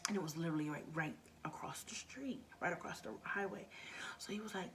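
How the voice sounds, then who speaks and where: A woman's voice: lowish voice, brisk, fairly bright tone, a little hiss or hum. A middle-aged woman vlogger telling a story in a casual, earnest way, often dropping to a near-whisper.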